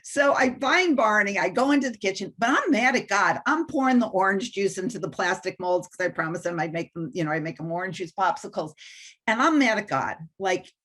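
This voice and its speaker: A woman's voice: mid-range voice, lively intonation, fairly quick, a bit bright. A woman guest on an interview, telling a personal story with animation and self-deprecating humor. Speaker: guest mentor.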